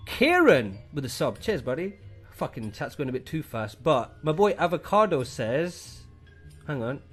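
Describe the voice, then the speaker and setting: A man's voice: medium pitch, slightly rough. A young British man streaming live, reading chat and thanking subscribers in a casual, profane way. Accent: British English. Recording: faint music behind the voice.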